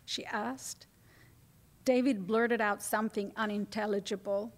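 A woman from Italy with an Italian accent, a native Italian speaker, reading her own fiction aloud at a public event in a measured, expressive way. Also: fairly high pitch. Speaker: author.

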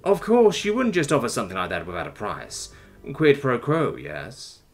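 A man's voice: mid-range voice, wildly swooping pitch, normal speed, soft background music. A man voicing a wary male detainee who answers in a dry, sarcastic, guarded way. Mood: wry guarded.

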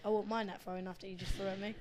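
A woman giving live gameplay commentary, excitable and swearing as she shouts at the game. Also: medium pitch, rapid-fire, slight background noise. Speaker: gamer recording her match.

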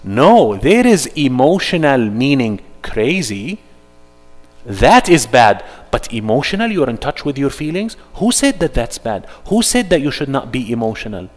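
A man teaching an interactive religious workshop, animated and firing rhetorical questions at his audience. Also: medium pitch, measured pace, long reverb tail, soft background music.

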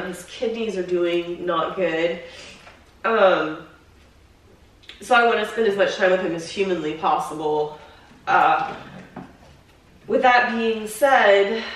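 A young woman vlogging into a handheld camera, rambling anxiously with lots of fillers and swearing. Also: on the low side. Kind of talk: casual handheld vlog. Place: home, then car. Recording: echoey handheld camera audio.

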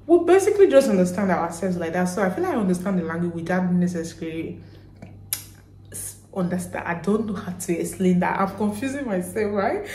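A vlogger with a Nigerian accent chats casually to her audience in a low, mellow, sing-song voice at a fairly quick pace. She rambles, corrects herself, and acts out snippets of dialogue. The recording has roomy echo and slight background noise.

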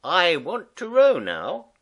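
A man voicing a timid, eager young male mole in a storybook reading, high and breathless. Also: huge pitch swings, slow pace, a bit bright, dull audio, full character voice.

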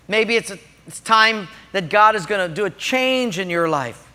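A male pastor preaching a sermon, telling stories in an animated way and speaking directly to listeners. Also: high voice, a little slow. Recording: long hall reverb.

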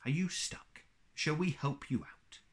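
A man's voice: fairly high pitch, unhurried, husky, voice pushed up. A man voicing a mild, wondering, honey-loving teddy bear in a storybook reading. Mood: gentle.

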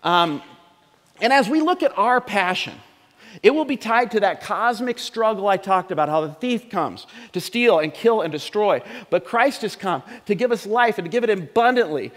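Animated and high-pitched with a slightly bright tone, a middle-aged pastor preaches at normal speed in a church sanctuary. He keeps it conversational and jokes with the congregation, while long hall reverb trails his words.

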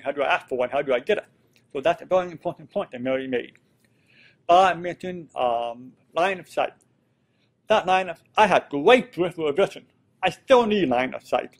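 A man's voice: fairly high pitch, breathy edge. A man speaking as a panelist, earnest and explanatory. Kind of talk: panel discussion remarks.

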